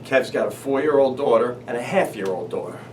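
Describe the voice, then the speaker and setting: A man hosting a comedy show, telling stories with animated, acted-out quotes. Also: medium pitch, a little fast, slight background noise. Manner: animated storytelling, acts out quoted voices. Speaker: comedian host. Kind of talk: comedic monologue. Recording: slightly distant mic, faint ambience.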